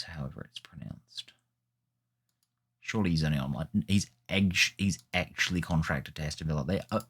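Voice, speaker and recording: Deep-voiced male gaming host; loose, rambling play-by-play chatter. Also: a bit bright, husky. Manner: chatty, rambling, self-correcting. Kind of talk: casual gameplay commentary.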